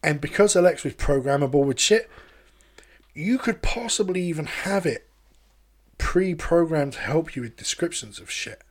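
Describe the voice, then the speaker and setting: A podcast host, chatting casually and telling animated, sweary stories. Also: male voice, a little high, normal speed. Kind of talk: casual chat.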